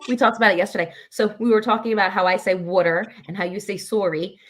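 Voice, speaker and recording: A woman from New Jersey co-hosting a casual livestream chat, animated and acting out what others said. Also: mid-range voice, quick pace. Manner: animated, acts out quotes. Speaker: co-host.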